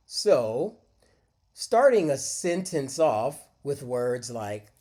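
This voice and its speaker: Slow, deliberate male English teacher. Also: medium pitch, big pitch swings, dark tone. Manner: slow, deliberate, encouraging, models phrases aloud for repetition. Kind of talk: scripted micro-lesson with screen demo.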